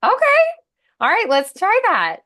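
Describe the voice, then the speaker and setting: A woman voice acting coach giving brisk, encouraging feedback. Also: very high voice, huge pitch swings, bright, forceful tone.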